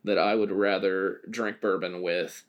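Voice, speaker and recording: A man's voice: low voice, steady tone, measured pace, muffled recording. A man co-hosting a podcast, in a loose, joking sports chat with plenty of swearing and filler words. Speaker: podcast co-host.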